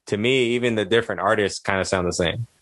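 Young guy on a podcast, lowish voice, super laid back and slangy, dry close sound. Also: fast, a bit bright, no echo. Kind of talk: casual chat.

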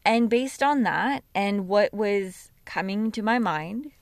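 A woman hosting a podcast, talking through a reflective monologue while sleepy and yawning, slow and musing with self-corrections. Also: mid-range voice, animated, no room sound. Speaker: podcast host and yoga teacher.

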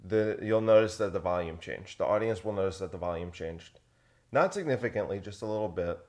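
On one handheld recorder, a podcast host with a low, slightly mellow voice talks a little fast. He rambles through a casual chat with plenty of sarcasm and keeps restarting sentences.

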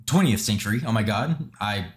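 A man's voice: lowish voice, animated, fairly quick, slight background noise. A young man hosting a casual podcast, swearing freely and explaining things at length. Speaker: podcast host. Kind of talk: casual chat.

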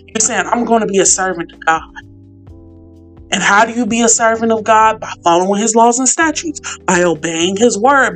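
A woman hosting a podcast Bible study, talking casually and earnestly to her listeners and leading them in fervent prayer. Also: mid-range voice.

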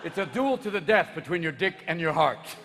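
A man in his fifties performing a rapid-fire stand-up comedy routine live on stage, jumping into voices. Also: a little high, expressive, fairly bright tone, long reverb tail, slight background noise. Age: 50s. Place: live stage before an audience.

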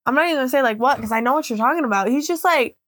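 A woman's voice: sits high, rapid-fire, fairly bright tone, a little hiss or hum. A young woman co-hosting a podcast, telling stories in casual chat and leaning on "like" a lot. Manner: chatty storyteller, heavy use of "like". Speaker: podcast co-host.

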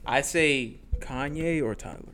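A man's voice: medium pitch, measured pace, fairly bright tone, slight background noise. A young man co-hosting a podcast in casual chat, teasing and joking, cutting in often. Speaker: podcast co-host.

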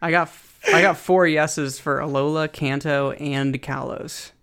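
Man, game master, gravelly voice, a bit high, casual tabletop chat. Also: fairly even intonation, fairly bright tone. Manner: profane, joking, quick to take charge. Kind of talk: casual group chat planning a tabletop campaign.

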